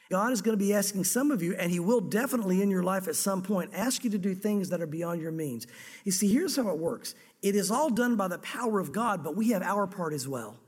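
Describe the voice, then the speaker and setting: A male pastor preaching a sermon, telling the scripture story in a lively way and acting out the dialogue. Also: high-pitched, breathy edge, long reverb tail.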